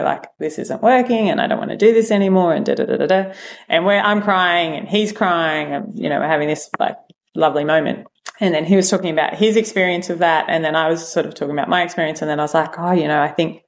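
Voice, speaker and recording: An Australian woman from rural New South Wales in her thirties, telling her own story candidly as a podcast guest, quoting herself and others and full of fillers. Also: deep voice. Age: 30s. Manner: frank, quotes herself and others with lots of fillers.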